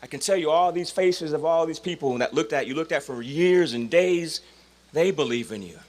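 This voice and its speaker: A man in his forties giving a commencement speech, storytelling with dramatic swings from loud calls to hushed lines. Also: fairly high pitch, lively intonation, moderate pace. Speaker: commencement speaker.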